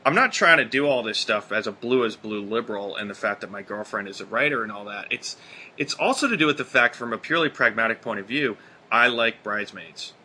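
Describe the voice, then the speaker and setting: A man's voice: lowish voice, expressive, a little fast, sharp tone, a little hiss or hum. A man co-hosting a podcast, chatting casually and animatedly, often restarting his sentences. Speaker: podcast co-host.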